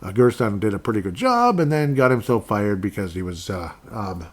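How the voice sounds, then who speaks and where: A man's voice: lowish voice, very animated, normal speed. A man hosting a casual solo sports podcast, rambling with frequent laughs and bursts of mock outrage. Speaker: podcast host.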